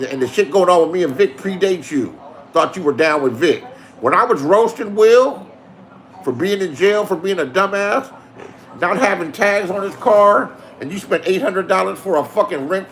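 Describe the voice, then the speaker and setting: A man delivering a profane, confrontational monologue, talking straight at absent rivals and trading in online drama. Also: sits high. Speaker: YouTube drama streamer. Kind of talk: heated ranting monologue.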